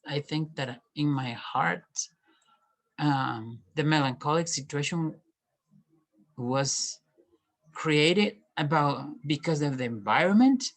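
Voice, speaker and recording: Guy talking slow and halting, lots of restarts, soft and earnest, mid pitch. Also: poor audio. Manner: halting, many restarts and pauses. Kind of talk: personal reflective monologue.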